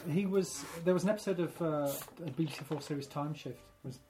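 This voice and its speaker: A man on a podcast, chatty and halting, telling a story with fillers and frequent laughs. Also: fairly high pitch, crowd noise. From Isle of Man. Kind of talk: casual chat, storytelling.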